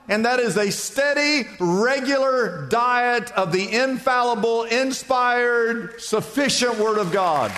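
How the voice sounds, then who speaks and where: A man preaching a sermon in a church, with emphatic delivery that swings from loud, raised lines to hushed ones. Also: extremely high pitch, in a large hall. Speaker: pastor.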